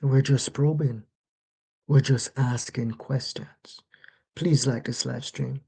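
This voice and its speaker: A livestream commentator speaking casually and rhetorically, often checking in with "right?" and slowing down to stress key words. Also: medium pitch, fairly even intonation, creaky, dark tone, husky. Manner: rhetorical, repeatedly asks "right?" and "yes?".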